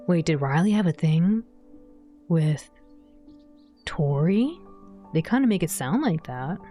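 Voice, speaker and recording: A woman's voice: on the low side, expressive, takes it slowly, mellow, faint music behind. A woman streamer chatting casually over a game, laughing and reading its lines aloud. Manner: chatty, laughs often, reads dialogue aloud. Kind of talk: game commentary.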